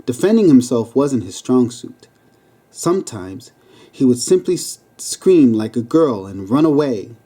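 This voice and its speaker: A man's voice: mid-range voice, warm tone. A man reading his own memoir aloud as an audiobook narration. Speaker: memoir reader.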